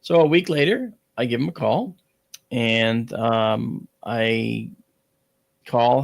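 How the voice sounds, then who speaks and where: A gravelly-voiced man speaks as a guest on a talk show, spinning a personal tale with animated energy. His telling rambles and restarts, with plenty of fillers, while his pitch sits in an ordinary male middle range. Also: slow. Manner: lively, rambling delivery with many fillers and restarts.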